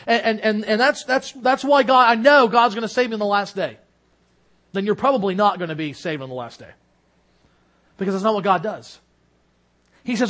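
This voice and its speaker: A middle-aged male pastor preaching a sermon in church, earnest, rising loud on key points and dropping low and quiet at others. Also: moderate pace, long pauses.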